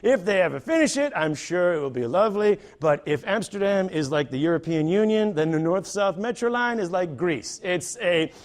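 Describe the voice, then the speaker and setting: A male stand-up comedian telling a story on a theater stage, animated and acting out the people in it. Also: sits high, normal speed, hardly any pauses. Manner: animated, acts out characters.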